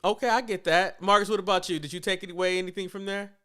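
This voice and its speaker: A man co-hosting a casual wrestling podcast, animated and quick to laugh. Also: high voice, clean tone. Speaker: podcast co-host.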